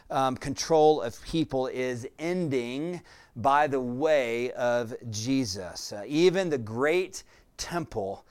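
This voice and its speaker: Guy preaching a sermon, smooth resonant voice, earnest, lots of uh and um. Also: medium pitch, slow, a little mellow. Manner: earnest preaching with many fillers. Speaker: pastor.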